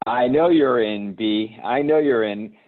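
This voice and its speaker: A man's voice: medium pitch, a little slow. A man hosting a live video call, rambling and hesitant with lots of fillers. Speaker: host. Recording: tinny phone-like line.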